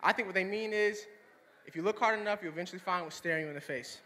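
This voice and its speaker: A young man from North Carolina performing a stand-up set, telling stories and acting out his friends in higher voices. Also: quick pace, bright, forceful tone. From Swannanoa, North Carolina. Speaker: stand-up comedian. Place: campus performance hall. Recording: long hall reverb.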